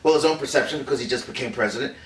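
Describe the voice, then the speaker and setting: An actor playing a male film director recalling a secret meeting, talking in a halting, hesitant way with many fillers and restarts. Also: mid-range voice, recorded from a distance, lightly acted. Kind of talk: improvised acting take. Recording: roomy, off-mic, faint background hiss.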